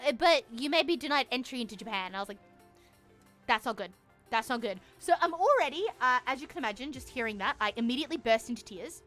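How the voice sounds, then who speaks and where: A woman's voice: a little high, animated, fast talker, a bit bright, faint music behind. A young woman streamer telling a story casually, acting out both sides of a conversation and swearing freely. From Australia.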